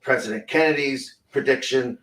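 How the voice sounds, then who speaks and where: An actor playing a hesitant male film director who tells an anecdote in halting bursts, full of restarts and fillers. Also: medium pitch, fairly bright tone, slight background noise, lightly acted. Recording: roomy, distant mic.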